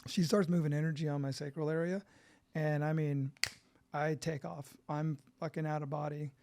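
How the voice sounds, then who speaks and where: A middle-aged man from California, a podcast guest, telling his story in an animated, profane way and acting out quotes. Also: a little high, moderate pace, vocal fry, a little hiss or hum.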